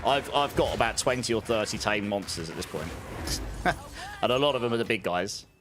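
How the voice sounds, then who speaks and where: A man's voice: fairly low pitch, a little fast, background noise. A man giving casual, chatty gameplay commentary as a streamer, laughing often and humming little filler tunes. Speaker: game streamer.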